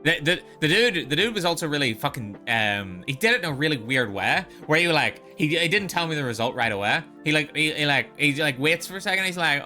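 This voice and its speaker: A man's voice: on the high side, lively intonation, a little fast, sharp tone, soft background music. A man from the Netherlands streaming, telling a story in a profane, exasperated casual rant. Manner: profane, exasperated, lots of restarts.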